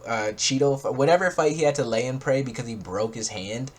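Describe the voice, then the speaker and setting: A young man co-hosts a casual podcast chat, loose and profane, constantly saying "bro" and "like." His voice is medium-pitched and brisk, with a slight hiss or hum in the recording.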